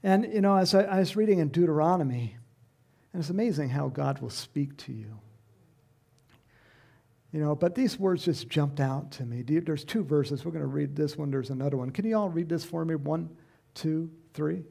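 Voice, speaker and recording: A man's voice: on the high side, normal speed, gravelly, warm tone. A middle-aged man preaching a sermon in a conversational, rambling way, breaking into emphatic bursts. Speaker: pastor.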